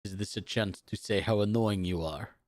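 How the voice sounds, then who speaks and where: A co-reader doing a deadpan blunt bald man. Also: low-pitched, normal speed, no echo, clean studio sound, natural voice. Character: stolid, literal-minded bald man, unamused companion.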